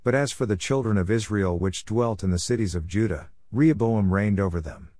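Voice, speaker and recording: A man giving a measured, even reading of scripture in a scripted style. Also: on the low side, no room sound, studio quality. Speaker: Bible reader.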